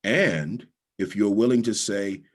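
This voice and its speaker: A middle-aged Bahamian man gives a motivational talk as a guest speaker, a husky rasp running through his low voice. He tells personal stories and repeats his key lines for emphasis. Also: takes it slowly. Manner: storytelling with repetition for emphasis.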